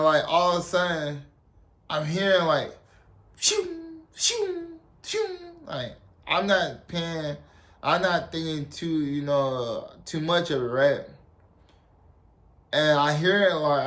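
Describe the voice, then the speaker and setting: A man's voice: fairly high pitch, slow, fairly bright tone. A young man from South Carolina, telling a story casually and rambling with lots of "like" and "you know". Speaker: storyteller, army veteran.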